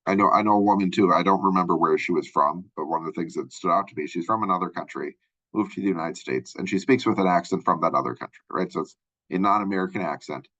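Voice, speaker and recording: A middle-aged man lectures to his class in a loose, conversational way, filling pauses with "um" and checking in with "right?". His voice sits very low with a husky edge. The recording is dry and dull, like a lo-fi close mic. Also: bright, forceful tone, dry recording. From Minnesota. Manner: casual, rambling, many fillers and tag questions. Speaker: college instructor.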